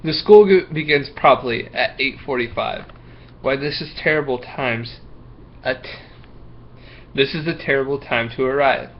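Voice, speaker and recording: A man doing a shrill, scolding schoolteacher woman. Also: unhurried, lo-fi sound, a little hiss or hum, lightly acted. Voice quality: high, shrill put-on voice. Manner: stern, indignant scolding in rhyme. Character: strict old-fashioned female schoolteacher, scolding. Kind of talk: reading a picture book aloud.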